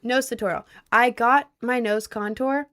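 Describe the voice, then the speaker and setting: A woman's voice: a little high, fairly even intonation, unhurried, a bit bright. A young woman livestreaming from home, chatting casually and answering viewer messages, rambling with lots of fillers. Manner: rambling with many likes and I don't knows.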